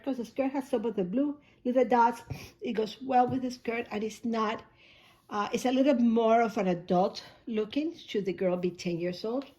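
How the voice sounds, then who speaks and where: A woman vlogger, hoarse and coughing, chatting casually as she unboxes and packs a gift box, often rambling and correcting herself. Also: medium pitch, a little mellow. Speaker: shoebox-packing vlogger.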